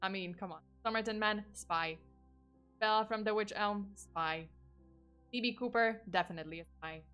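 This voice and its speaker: A woman's voice: medium pitch, normal speed, pushed and bright, clean tone, soft background music. A woman streamer telling a true crime story in a casual, rambling way, with lots of fillers and restarts and the odd swear word.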